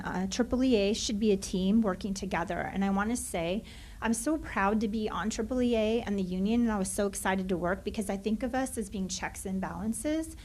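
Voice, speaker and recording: A woman's voice: medium pitch, a little mellow. Impassioned woman at public comment. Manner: impassioned, frustrated, pleading. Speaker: teacher speaking in public comment. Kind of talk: public comment at a school board meeting. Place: meeting chamber.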